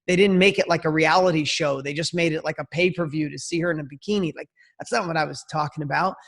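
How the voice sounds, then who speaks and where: A man as an interview guest telling a personal story in a casual, animated way, swearing now and then. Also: a little high, fast.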